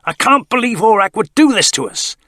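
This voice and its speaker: A man's voice: a little high, lively intonation, normal speed, dry recording, voice pushed up, close to an everyday voice. Brief: male crew member near breakdown, angry, snarling, dry close voice, read by a man.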